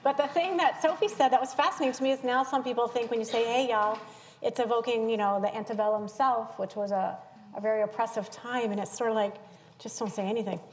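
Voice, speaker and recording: A woman's voice: fairly high pitch, fairly even intonation, fast, a little mellow. A woman from the American South interviewing a guest onstage in front of an audience, chatty and laughing easily. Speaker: interviewer, center director. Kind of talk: onstage conversation. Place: lecture hall with audience. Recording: long hall reverb, faint noise.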